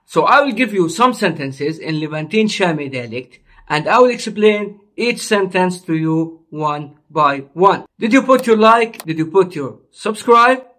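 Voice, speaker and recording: High-voiced man teaching a language slowly. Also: animated, fairly bright tone. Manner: slow, repetitive explaining, drawing out words. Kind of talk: online language lesson.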